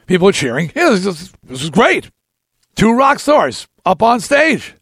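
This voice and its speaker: A man in his sixties hosting a talk show, telling a long story in an animated, ranting way and acting out other people's lines. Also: high-pitched, unhurried, husky, no room sound, clean studio sound. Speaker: podcast host telling a story.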